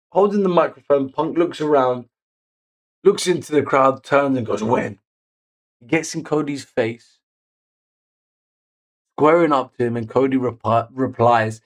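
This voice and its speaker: In casual recap narration, this wrestling recap host speaks with a higher-pitched voice at an unhurried pace. Big moments make him excitable, and he self-corrects, picking words on the fly.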